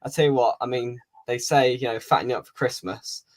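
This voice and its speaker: Bloke, podcast host, casual rambling football chat. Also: male voice, medium pitch, a little fast. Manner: chatty, rambling storyteller.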